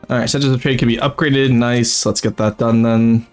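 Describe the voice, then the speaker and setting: A man's voice: medium pitch, fairly even intonation, brisk, soft background music. A young man streaming a strategy game, chatting casually and rambling, laughing often and talking to his chat. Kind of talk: casual gameplay commentary.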